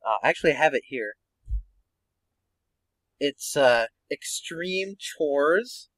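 Brief: male podcast co-host, lively self-mocking storyteller, dry close mic. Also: medium pitch, a little slow, no echo, poor audio. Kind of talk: casual podcast chat.

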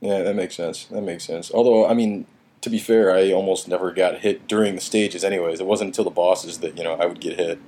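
A man as a podcast guest, relaxed and hedging as he describes playing a game. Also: sits low, fairly quick, a little hiss or hum. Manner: relaxed, hedging with "you know". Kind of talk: casual podcast chat.

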